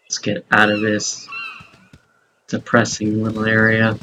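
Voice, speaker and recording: A man's voice: lowish voice, completely flat delivery, a little slow, bright, forceful tone, slight background noise, poor audio. Man musing over gameplay. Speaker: gameplay narrator. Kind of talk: casual let's-play commentary.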